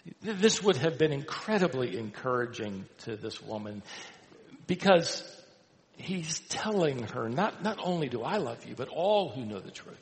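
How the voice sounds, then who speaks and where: A man pastor preaching a sermon, his gravelly voice rising and falling with lively swings. He drives his points home with emphatic repetition and light asides. The sound carries a long reverb from the church hall. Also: medium pitch, normal speed. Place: church sanctuary.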